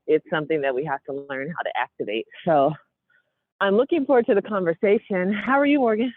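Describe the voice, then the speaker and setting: A woman's voice: fairly low pitch, fairly quick, no echo. A woman hosting a walking podcast by phone, out of breath, reflective and folksy. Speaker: host. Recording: tinny dry phone line.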